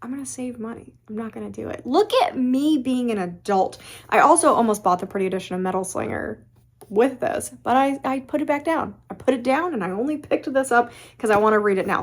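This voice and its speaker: A young woman chatting casually in a book vlog, animated and full of fillers and quick laughs. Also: a little high. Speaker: book vlogger. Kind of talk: casual chat.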